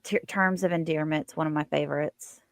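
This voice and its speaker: A woman's voice: low voice, steady tone, fairly quick, no room sound, studio quality. A woman hosting a casual livestream, chatting with viewers and reading their comments aloud. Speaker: livestream host.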